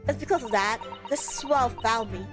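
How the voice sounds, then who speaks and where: A woman's voice: fairly high pitch, moderate pace, over music, close to an everyday voice. A woman doing a folksy older Irish man. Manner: folksy storytelling with a put-on brogue. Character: older Irish man, genial, self-righteous.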